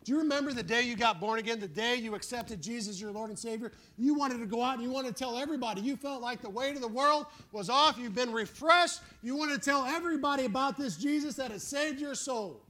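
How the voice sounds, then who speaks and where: A man preaching with fervor and folksy plain speech. His voice sits unusually high and rings out bright and forceful. He drives his points home and calls on the room for agreement. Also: fast, few pauses. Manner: fervent, emphatic preaching with calls for "Amen"; folksy, plain-spoken storytelling. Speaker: pastor. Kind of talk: sermon.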